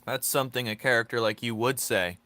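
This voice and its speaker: A man's voice: mid-range voice, fairly quick, bright, forceful tone, dry recording. A man chatting casually with his viewers while drawing on a live stream, teasing and joking, laughing often.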